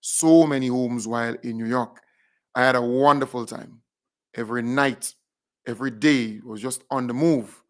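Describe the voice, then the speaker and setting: Animated Grenadian man giving radio shout-outs. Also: medium pitch, moderate pace. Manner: animated, repeats phrases, big up shout-outs. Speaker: radio host.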